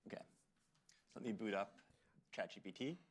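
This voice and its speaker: A man's voice: fairly low pitch, brisk. A man presenting in a live product demo, casual and upbeat.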